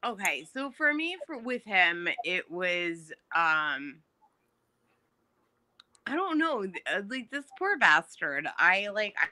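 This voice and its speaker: A woman's voice: medium pitch, very animated, slow, sharp tone. A young adult woman co-hosting a podcast in casual chat over a remote call, blunt and self-mocking, swearing freely. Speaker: podcast co-host.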